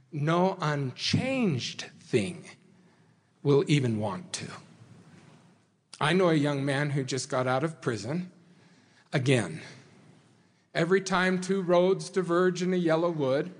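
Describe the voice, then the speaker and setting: A man preaches to a congregation in an earnest, measured way, letting key phrases land with slow dramatic pauses. His voice sits a little high, and the delivery is unhurried. A long reverb from a large hall trails each phrase. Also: lively intonation. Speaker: speaker addressing a congregation. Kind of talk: sermon.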